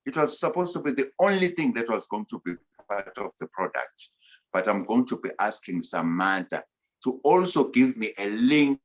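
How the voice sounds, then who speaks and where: A very low-voiced man with a South African accent, giving a motivational talk over a video call. He speaks emphatically, with a voice that swings between bursts of volume and quiet asides. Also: low-quality recording.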